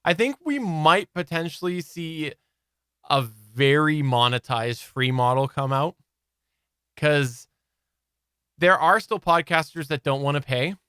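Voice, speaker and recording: Male podcast co-host, animated and chatty, bright crisp tone, dry close sound. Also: a little high, slow, dry recording. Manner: animated, chatty, laughs easily. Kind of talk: casual live-stream chat.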